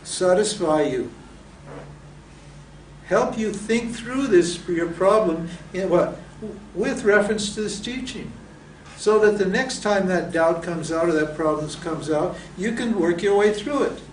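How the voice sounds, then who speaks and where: A man's voice: high voice, a little slow, slight background noise. A man teaching spiritual texts, asking his students rhetorical questions and then answering them himself. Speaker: Vedanta teacher. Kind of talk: lecture to students. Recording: roomy echo from a distant mic.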